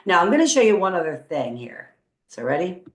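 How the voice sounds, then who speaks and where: A woman's voice: on the low side, very animated, brisk. A woman teacher walking students through a coding tutorial on screen, upbeat and encouraging as she thinks aloud. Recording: roomy echo.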